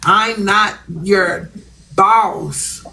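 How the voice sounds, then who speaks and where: A woman's voice: medium pitch, extremely slow, vocal fry, sharp tone, rough recording. A woman talking bluntly on a live stream, repeating herself for emphasis. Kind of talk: casual live-stream chat.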